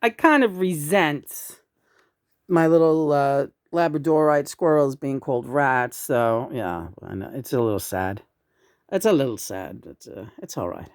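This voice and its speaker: A woman's voice: extremely low pitch, animated, measured pace, darkish tone, no room sound, studio quality. A woman in her sixties chatting casually in a rambling, profane way, often breaking into chuckles. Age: 60s. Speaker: vlogger.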